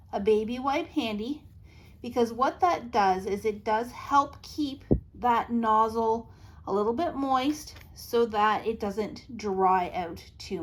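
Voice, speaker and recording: Chatty woman demonstrating a card craft. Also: a little high. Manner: chatty and reassuring, giving practical tips. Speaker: craft tutorial host.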